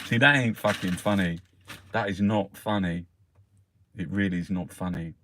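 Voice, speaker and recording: A man's voice: deep voice, moderate pace, background noise. A middle-aged man, ranting in angry, heavily sworn commentary as he reviews the newspapers. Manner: angry, sweary, heated rant.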